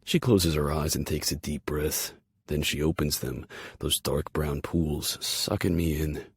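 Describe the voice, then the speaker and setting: A man's voice: extremely low pitch, steady tone, measured pace, husky, no echo. A man narrating a romance audiobook in the first person, in a dry and wry inner-monologue manner.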